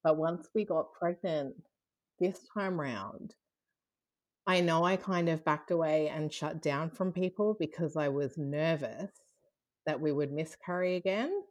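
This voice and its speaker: A woman's voice: sits low, measured pace. A woman in her thirties, a guest in a casual interview, telling a personal story candidly and laughing often. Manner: candid, laughs often, lively when retelling.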